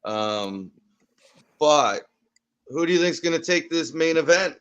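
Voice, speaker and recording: A man's voice: on the high side, lively intonation, slow, fairly bright tone, clear, resonant tone. A man hosting a casual live reaction chat, easygoing and asking the others questions. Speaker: watch party host.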